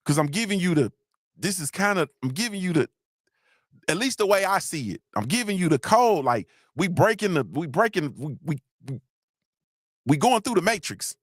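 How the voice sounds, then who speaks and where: A man's voice: very animated, moderate pace, no room sound, studio quality. A middle-aged man hosting a live motivational talk, repeating himself and growing emotional. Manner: repetitive, preachy, shouts out viewers; gets emotional, voice drops low.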